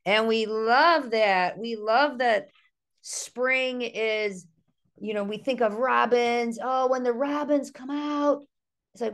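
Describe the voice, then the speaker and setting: A middle-aged woman from Ohio, a naturalist giving an online nature workshop in a chatty, playful way, with a slightly gravelly voice. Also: a little high, takes it slowly, a bit bright. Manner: chatty, playful, mimics bird calls in sing-song. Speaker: naturalist and art instructor. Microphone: video call.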